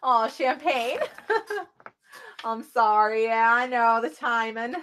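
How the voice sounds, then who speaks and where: A woman's voice: fairly high pitch, takes it slowly, a bit bright, clean tone. A woman vlogger giving tarot card readings in a chatty, casual way, talking straight to her viewers.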